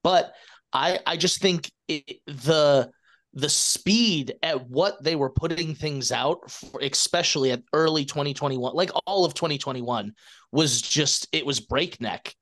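A man's voice: a little high, a little slow, fairly bright tone. A man speaking as a guest on a casual podcast, talking enthusiastically and acting out his own past reactions in quoted asides.

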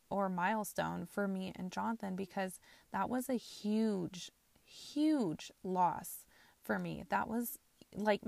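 Gravelly and a little mellow, this woman's mid-range voice is recorded dry. She's a twentysomething podcast host sharing a personal story openly, full of fillers and laughter mid-sentence.

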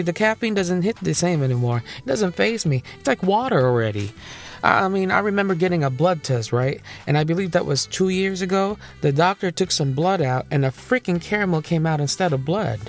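A young man hosting a comedy podcast. He tells stories in an animated, repetitive way and laughs at his own jokes. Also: fairly high pitch. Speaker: podcast host. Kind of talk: comedic monologue.

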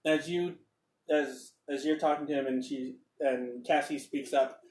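A man's voice: medium pitch, fairly even intonation, a little slow, a little mellow, distant mic. A man narrating as game master in a rambling, hesitant way. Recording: roomy echo, off-mic.

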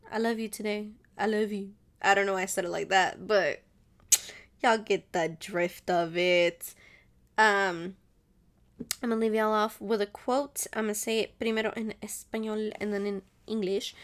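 A woman hosting her own show, chatting casually and rambling, laughing often and switching into Spanish now and then. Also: on the high side. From Mexican family. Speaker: podcast host. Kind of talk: casual solo chat.

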